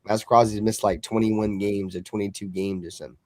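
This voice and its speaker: A man's voice: on the low side, level tone, a little fast, darkish tone, slight background noise. A man hosting a podcast, chatting casually, loose, joking and profane. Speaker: podcast host.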